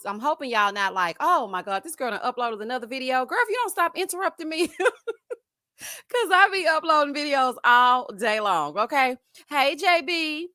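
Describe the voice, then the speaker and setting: A woman hosting a live-stream recap of reality TV. She talks in a sassy, animated way, calling viewers honey and child and laughing often. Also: medium pitch, no echo, studio quality. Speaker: TV recap show host.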